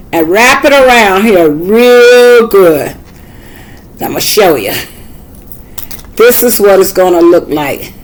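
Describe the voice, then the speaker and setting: A woman's voice: fairly low pitch, a little mellow, rough recording. An older woman with a Southern US accent giving a casual, folksy how-to demonstration, chatting and repeating herself as she works. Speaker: craft tutor.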